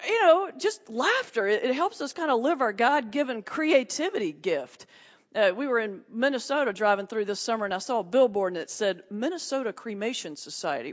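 A woman pastor doing stand-up, her voice a touch high and full of punchy, folksy timing. She is heard in a big hall with a long echo, and the sound is somewhat muffled. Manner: folksy Southern humor, punchy delivery with laughs. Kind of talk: stand-up comedy set. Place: large hall before a live audience. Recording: distant echoey hall, muffled.

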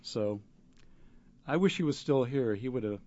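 A man, an actor, answering interview questions in a halting way, with many fillers and restarts. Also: mid-range voice, animated, darkish tone. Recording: dull lo-fi radio recording.

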